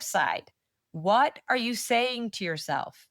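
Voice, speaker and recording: A woman in her thirties chats as a manifestation coach on a podcast, storytelling with quick asides and a blunt, encouraging edge. Her voice sits slightly low. The recording is close and dry with no room sound. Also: expressive, dry recording. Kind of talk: casual podcast interview chat.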